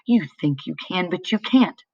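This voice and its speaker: A woman's voice: lowish voice, lively intonation, normal speed, husky, distant mic, dull audio. A woman reading the part of a menacing grown man, a killer father, who talks coldly and dismissively. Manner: cold, dismissive.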